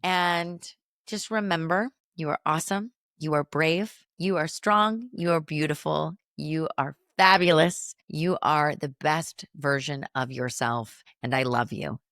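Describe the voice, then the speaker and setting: A woman's voice: deep voice, unhurried, fairly bright tone, no echo, studio quality. A woman in her thirties hosting her own podcast, talking candidly and chattily through a personal reflection, with lots of fillers. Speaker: podcast host.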